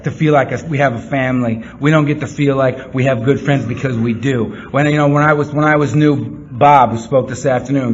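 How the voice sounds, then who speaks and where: A man giving a speech to a meeting room audience. He talks earnestly, slipping into rapid-fire repeated phrases. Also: medium pitch. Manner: animated, rapid-fire repetition; earnest, heartfelt. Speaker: recovery meeting speaker. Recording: slightly muffled, faint room hum.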